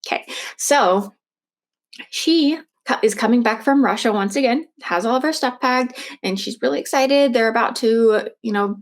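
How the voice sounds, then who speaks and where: A woman with a slightly high voice tells a true crime story in a loose, casual way. She talks in a chatty flow, full of fillers and restarts. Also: moderate pace.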